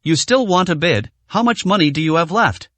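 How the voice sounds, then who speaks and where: A man's voice: on the high side, expressive, moderate pace, fairly bright tone, dry recording. A man voicing an arrogant, hot-tempered rich young heir in an audio story, with a hostile, sneering tone.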